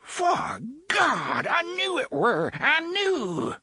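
A man voicing an excitable old farmer with a thick rustic accent and a cracked, quavering voice. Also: very high voice, extremely slow, dry recording, clean studio sound, voice pushed up, heavily acted. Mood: excited.

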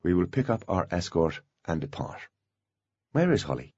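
Man playing a young genius, supremely self-confident, crisp clipped speech, lively rising voice, husky edge. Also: low voice, moderate pace, dry recording, full character voice. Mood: composed. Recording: dull, dry lo-fi recording.

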